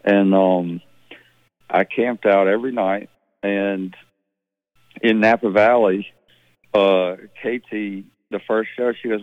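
A man from Mississippi, telling rambling, relaxed stories in a phone interview. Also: lowish voice, slow, long pauses, no echo. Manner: rambling, relaxed, with many restarts. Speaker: musician guest. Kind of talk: phone interview, casual storytelling. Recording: dry, tinny phone line.

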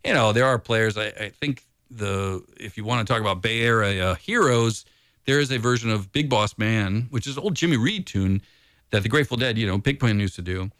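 A man's voice: lowish voice, brisk, a bit bright, dry recording. A man, a blues musician, chatting casually in an interview and rambling in a laid-back way with lots of filler. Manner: rambling and laid-back, heavy on "you know" and "dude".

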